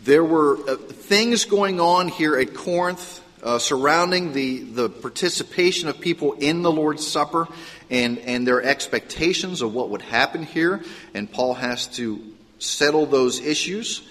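Male pastor, slightly high voice, casual storytelling sermon delivery, long reverb of a church hall. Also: measured pace. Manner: conversational, storytelling, lively asides.

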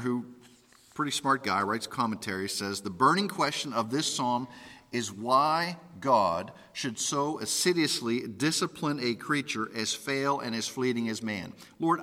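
A man's voice: mid-range voice, a bit bright. A man preaching a conversational sermon, voicing the pleas of scripture figures. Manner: conversational, with restarts and quoted pleas to God. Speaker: pastor. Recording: reverberant hall.

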